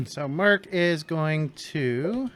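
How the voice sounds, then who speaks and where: At home playing a tabletop game, a man walks through his character's turn step by step in a casual way. His voice is fairly high and animated, with drawn-out words.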